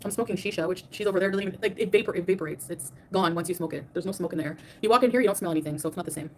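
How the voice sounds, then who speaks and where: Talking very fast in a lowish voice over a faint hiss or hum, a woman goes on a defensive livestream rant against her critics, hammering her points and repeating them again and again.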